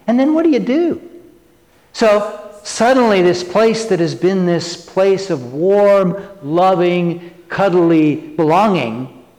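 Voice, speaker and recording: A man preaching a sermon as pastor, speaking conversationally and teasing his congregation, his voice swinging from loud to hushed. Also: a little high, in a large hall. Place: church.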